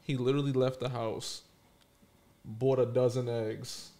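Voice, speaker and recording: A man's voice: medium pitch, level tone, unhurried, warm tone. A young man co-hosting a casual podcast, teasing and wry as he ribs his brother. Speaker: podcast co-host. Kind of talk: casual chat.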